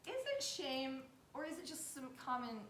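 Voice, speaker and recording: A woman co-hosting a podcast, chatting and gossiping in a giggly, animated way and acting out what other people said. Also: high-pitched, normal speed, echoey room, a little hiss or hum. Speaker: podcast co-host. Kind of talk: casual gossip chat.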